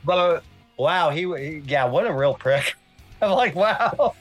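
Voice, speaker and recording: A man's voice: a little high, slow pace, music in the background. A man chatting as a guest critic over a video call, telling stories in a loose, profane way. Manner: profane, animated storyteller. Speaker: guest film critic and interviewer. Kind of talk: casual storytelling chat.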